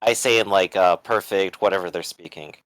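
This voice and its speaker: Male player, low-pitched and decisive at the table. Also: brisk, a bit bright, no echo, poor audio. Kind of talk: tabletop role-play.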